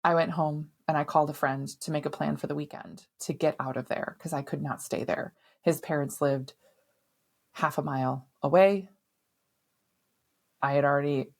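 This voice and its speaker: A middle-aged woman with a fairly low voice recounts a personal story on her podcast. She speaks candidly and emphatically, swearing now and then. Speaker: podcast host.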